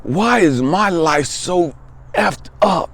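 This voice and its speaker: This is a man in his fifties telling his own story, straight to camera, as a spiritual coach. His voice sits slightly high and swings widely in pitch. He talks emphatically and conversationally, hammering points through repetition. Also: lively intonation, takes it slowly, a bit bright. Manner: emphatic, conversational, repeats phrases for weight. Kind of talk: personal testimony monologue.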